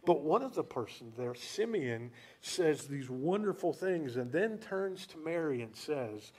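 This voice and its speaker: High-voiced, animated male preacher. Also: a little slow, few pauses, slightly rough. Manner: animated storytelling, asks rhetorical questions. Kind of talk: sermon.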